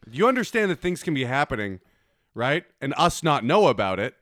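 A man's voice: mid-range voice, very animated, a little fast, fairly bright tone, no echo, studio quality. A man co-hosting a podcast in casual chat, blunt and exasperated, swearing often. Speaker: podcast co-host.

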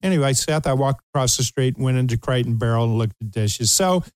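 The older man, a Kentucky talk show host, speaks briskly at medium pitch, his voice smooth and free of echo. He delivers a comic story with plenty of laughter, acting out the voices he quotes.

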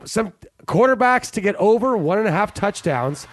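A man's voice: sits high, lively intonation, moderate pace, no echo. A man hosting a sports podcast, laughing often and giving an upbeat sign-off. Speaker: podcast host. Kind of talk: casual podcast chat.

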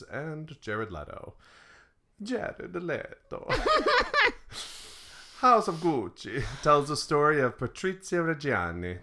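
A man reviewing a film with friends, his delivery campy and theatrical. His lowish voice swings widely in pitch and has a bright edge. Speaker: film review show host. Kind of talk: casual film review chat.

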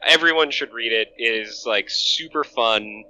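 Podcast guy with a really sharp bright voice, gushes and gets excited, swears a bit. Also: mid-range voice, unhurried, dull audio, a little hiss or hum. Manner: gushing, excitable, swears casually. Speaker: podcast co-host. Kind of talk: casual chat.

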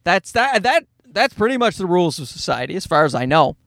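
A man in his thirties tells a stand-up story with a lively, swooping delivery and a fairly high voice. He is animated and profane, and he jumps into high-pitched voices whenever he quotes someone. The sound is dry and close. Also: a little fast, dry recording. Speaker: stand-up comedian.

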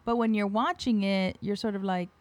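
A woman co-hosting a casual podcast, chatting in a relaxed way about movies and laughing easily. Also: mid-range voice, moderate pace. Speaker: co-host.

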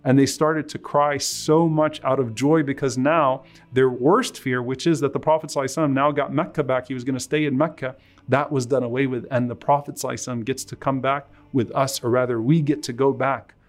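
Man preaching at a rapid clip. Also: steady tone. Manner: recites Arabic quotes quickly, then translates slowly and emphatically; retells a story with quoted speech, rising in pitch at emotional peaks. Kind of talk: sermon storytelling.

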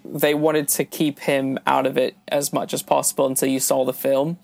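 A man's voice: medium pitch, level tone, moderate pace, gravelly, darkish tone, no room sound. A man chatting casually about a film, hedging with kinda and um. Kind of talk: casual chat.

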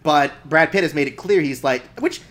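A man's voice: a little high, moderate pace, fairly bright tone. A man hosting a casual film podcast, chatty and laughing often as he talks. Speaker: podcast host.

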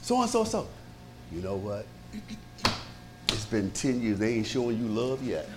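A pastor preaching to his congregation in a lively, conversational way, with many rhetorical questions and frequent chuckles. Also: on the low side, unhurried, slight background noise. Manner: chuckles often. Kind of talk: sermon.

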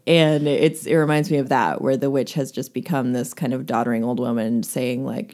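A woman with a deep, dark-toned voice chats about a book in a relaxed podcast talk. She often chimes in with short agreeing sounds. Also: fairly quick, vocal fry, few pauses. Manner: agreeable, frequent backchannel responses. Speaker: podcast co-host. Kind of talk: casual book discussion.

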